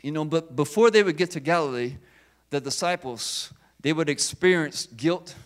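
A man preaching a sermon in a high voice. He presses his points with rhetorical questions again and again. The delivery is emphatic and direct. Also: moderate pace. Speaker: pastor.

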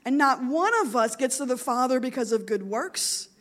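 A woman's voice: high-pitched, moderate pace. A woman in her forties preaching an earnest, emotional sermon, her voice swelling and dropping. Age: 40s.

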